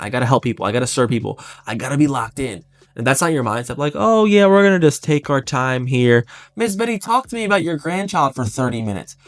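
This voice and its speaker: A man coaching life insurance agents in a blunt, intense, motivational way, talking in quick bursts. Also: medium pitch, no echo. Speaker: life insurance sales trainer. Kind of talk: motivational sales coaching talk.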